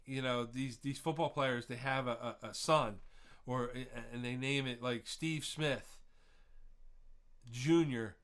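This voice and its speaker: A man's voice: mid-range voice, fairly bright tone, smooth. A man hosting a live online trivia quiz, chatty and laughing at his own jokes, drifting into rambling rants between answers.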